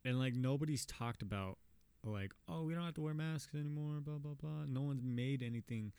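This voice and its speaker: Young male co-host, easygoing and dry, mid-pitched, dry room. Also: moderate pace, dark tone, clear, resonant tone, no echo. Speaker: podcast co-host. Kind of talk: casual chat.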